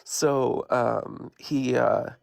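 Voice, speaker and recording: A man with a gravelly, creaky voice tells a ghost story as a guest on a live stream. He talks in a loose, rambling, conversational way. The sound is dry and close. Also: medium pitch, fairly even intonation, drawn-out words, a little mellow, dry recording. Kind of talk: casual spoken ghost story.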